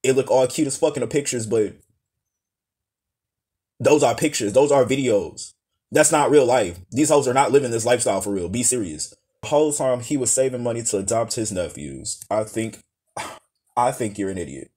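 A man giving a profane comedic rant as a reaction commentator, loud and exasperated. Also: medium pitch, animated, moderate pace, husky. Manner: loud, exasperated, heavy cursing.

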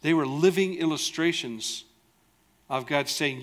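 A man's voice: on the high side, measured pace, fairly bright tone. A male pastor preaching a sermon in an earnest, conversational way, often asking the congregation rhetorical questions. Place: church.

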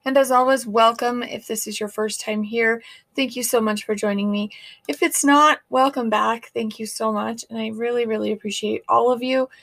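A woman podcast host chatting casually at a home mic, her voice hoarse and gravelly from a long week of talking. She sits a bit high in pitch, rambles through asides, and keeps thanking her listeners. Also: fairly even intonation, moderate pace, a bit bright. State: hoarse, partly lost voice. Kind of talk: casual chat.

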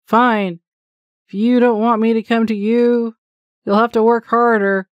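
A woman's voice: on the high side, little pitch movement, unhurried, dry recording, highs cut off. A woman giving live commentary on a horror game she is playing, chatty and self-mocking, with jumpy exclamations and a running stream of thoughts. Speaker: gaming channel host.

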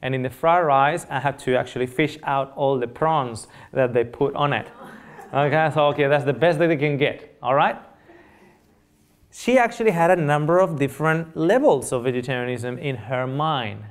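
A man's voice: mid-range voice, moderate pace. A middle-aged man giving a nutrition lecture, telling an anecdote with acted-out dialogue, many restarts and fillers. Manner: animated storyteller, acts out dialogue, frequent fillers and restarts.

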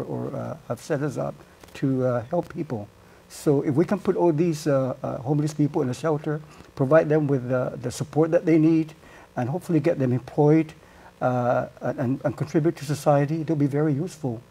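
Male candidate, Guam accent, gravelly husky voice, halting answers. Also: on the high side, fairly even intonation, warm tone. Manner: halting, many fillers. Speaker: senatorial candidate. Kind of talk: answering panel questions.

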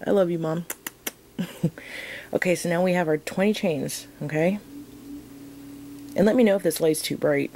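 A woman teaching a crochet tutorial in a casual, chatty way, counting her stitches softly as she works. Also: on the low side, moderate pace, pauses often, slight background noise, rough recording. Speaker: crochet instructor.

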